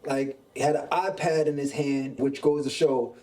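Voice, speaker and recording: A man from Brooklyn, hosting a podcast and telling a story in a casual, animated way, acting out the people in it. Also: medium pitch, measured pace, recorded from a distance, low-quality recording. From Brooklyn, New York. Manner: animated, acts out quoted dialogue. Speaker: podcast host.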